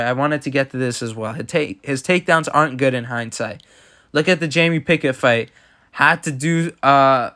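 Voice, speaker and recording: A man's voice: medium pitch, a bit bright. A man giving casual, blunt and opinionated reactions to fight results as commentator. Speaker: MMA commentator.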